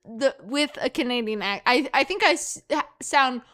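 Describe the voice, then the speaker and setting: Bright, high young woman, unhurried chat. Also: animated. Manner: laid-back, laughs a lot. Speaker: podcast co-host. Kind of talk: casual chat.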